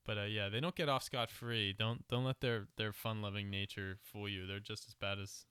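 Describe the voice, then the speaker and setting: Sardonic, low-voiced podcast co-host man. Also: fairly even intonation, normal speed, bright, forceful tone, clean tone, dry recording. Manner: sardonic, joking, profane. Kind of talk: casual political chat.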